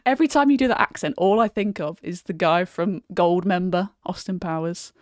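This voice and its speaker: A woman's voice: lowish voice, a little fast, a little mellow, dry recording, studio quality. A woman hosting a casual chat, giggly and hesitant, full of fillers. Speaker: host.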